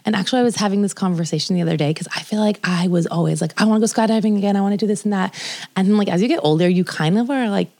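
A young adult woman co-hosting a podcast, telling stories in a lively way and using lots of "like" as filler. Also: mid-range voice, rapid-fire, no echo, clean studio sound. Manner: animated storyteller, quoting others, heavy "like" fillers. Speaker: podcast co-host. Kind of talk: casual chat.

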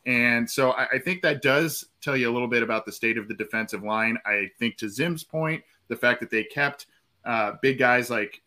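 Bright-voiced man giving analytical football takes. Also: medium pitch. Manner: measured, analytical breakdowns. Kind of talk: casual sports podcast chat.

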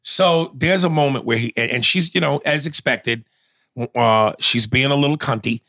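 A man in casual chat, animatedly recapping a TV show, with profanity and loud outbursts. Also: medium pitch, moderate pace, vocal fry.

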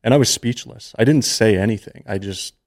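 A man's voice: on the low side, a little fast, a little mellow. A man in his thirties, a podcast guest, telling a personal story in an earnest, emotional, conversational way.

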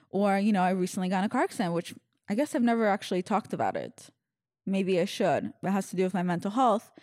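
A young woman talks through her podcast in a loose, candid ramble, often poking fun at herself. Her pitch sits in an ordinary middle range. The sound is close and dry, with no room echo. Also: darkish tone. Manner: rambling, candid, self-deprecating. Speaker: podcast host. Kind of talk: casual confessional podcast chat.

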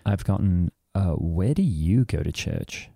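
A man's voice: sits low, lively intonation, unhurried, creaky, warm tone, dry recording, studio quality, full character voice. A man with a Kiwi or Aussie accent voicing a touchy, devout megachurch dad who talks earnestly and rambles with restarts, as co-host of an improvised satire. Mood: earnest aggrieved. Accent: New Zealand or Australian. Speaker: podcast co-host. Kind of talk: improvised satirical character comedy.

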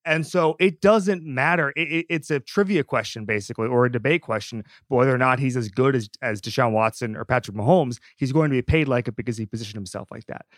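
A man in the host's chair of a sports podcast, mid-range in pitch and talking with emphatic energy. His voice sits close and dry, with no room sound around it. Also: fast, few pauses, dry recording. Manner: animated, emphatic, with frequent restarts. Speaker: podcast host. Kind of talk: casual sports talk.

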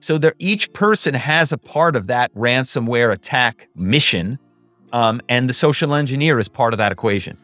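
A man's voice: mid-range voice, moderate pace, no echo, faint music behind. Middle-aged guy telling stories in an interview, chatty with lots of asides, dry close sound. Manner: animated storyteller, many "you know" asides. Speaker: guest, former actor and corporate spy. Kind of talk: conversational interview storytelling.

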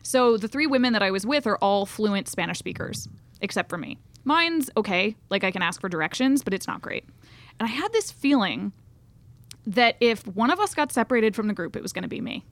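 A woman's voice: mid-range voice, fairly bright tone, dry recording. Chatty self-deprecating woman storyteller. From American South. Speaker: podcast co-host. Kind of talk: casual storytelling.

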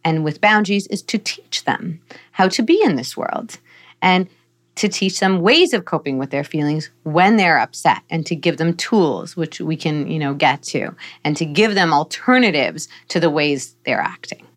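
A middle-aged woman with a somewhat low voice talks as a psychologist guest on a parenting podcast. She explains things earnestly and patiently, like a teacher. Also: moderate pace. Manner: earnest, explanatory, playfully animated in examples.

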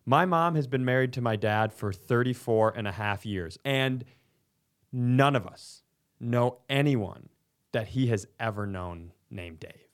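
Man, 30s, comedy podcast co-host, wry deadpan storytelling, casual chat. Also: mid-range voice, a little slow.

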